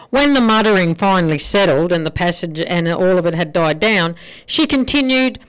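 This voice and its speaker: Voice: mid-range voice, animated, brisk, smooth, poor audio. A radio host in a chatty, playful mood, linking songs and telling jokes on air.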